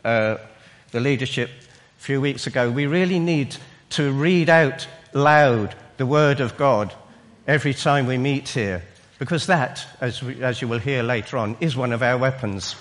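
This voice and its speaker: A man preaching a sermon in a church, slow and emphatic, with halting restarts. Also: medium pitch. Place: church hall. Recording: long reverb in a hall.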